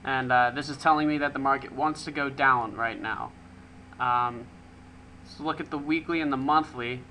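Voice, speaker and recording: A man hosting a weekend market review, talking through charts in a brisk, casual way with frequent ums and restarts. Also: mid-range voice, steady tone, pushed and bright, a little hiss or hum, rough recording. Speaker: market analyst host.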